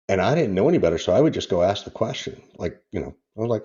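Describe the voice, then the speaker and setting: A man's voice: deep voice, quick pace, few pauses, mellow, muffled recording. A man in his fifties, a podcast guest, telling personal stories in a rambling, candid way and laughing through them. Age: 50s. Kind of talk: casual interview storytelling.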